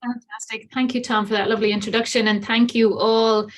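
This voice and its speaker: A woman's voice: fairly high pitch, level tone, a little fast. A woman in her fifties with an Irish accent, speaking graciously as a guest presenter to an online group. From Ireland. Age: 50s.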